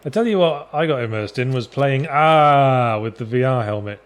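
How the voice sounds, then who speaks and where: A man's voice: medium pitch, lively intonation, normal speed. Dry, rambling man. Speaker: let's play host. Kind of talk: casual gaming commentary chat.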